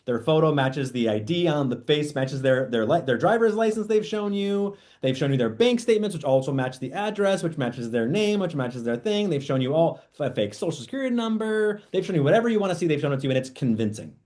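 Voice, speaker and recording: Animated man giving real estate training. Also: on the high side, brisk, hardly any pauses. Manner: animated, acts out quoted dialogue. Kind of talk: training talk.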